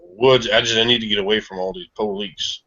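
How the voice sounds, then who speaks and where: A man playing in a tabletop role-playing game, animated and joking. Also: lowish voice, fairly quick, lo-fi sound. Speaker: player. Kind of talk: casual tabletop game play.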